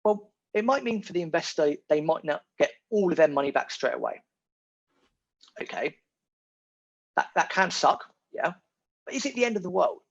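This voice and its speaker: A man, a podcast guest talking in a casual, animated and emphatic way, repeating his key words. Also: high-pitched, moderate pace, creaky, long pauses. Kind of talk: casual conversation. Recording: muffled lo-fi audio.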